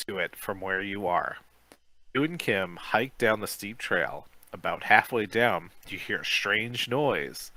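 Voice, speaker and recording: A man, a podcast co-host, reading a kids' adventure book aloud, lively, with joking asides. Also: on the low side, no room sound, poor audio.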